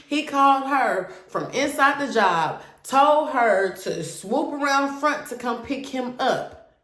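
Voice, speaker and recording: A woman's voice: a little high, a bit bright. A young woman animatedly telling her own story to viewers, candid and swearing freely. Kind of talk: casual storytime monologue. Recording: roomy echo.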